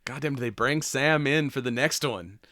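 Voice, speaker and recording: A man's voice: mid-range voice, normal speed, sharp tone, no echo. A man co-hosting a podcast, chatting casually and retelling movie scenes with lots of swearing and laughter. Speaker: podcast co-host. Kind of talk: casual chat.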